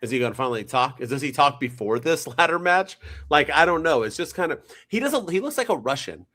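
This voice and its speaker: A man co-hosting a podcast, chatting casually in an animated, rambling, jokey way. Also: a little high, a little fast. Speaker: podcast co-host. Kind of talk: casual chat.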